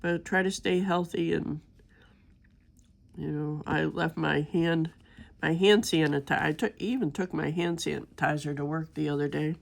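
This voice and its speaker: An older woman with a gravelly voice and a sore throat from being sick, rambling in a homey, chatty way while she works on a craft. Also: low voice, steady tone, normal speed. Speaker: crafting vlogger. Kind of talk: casual chat while diamond painting.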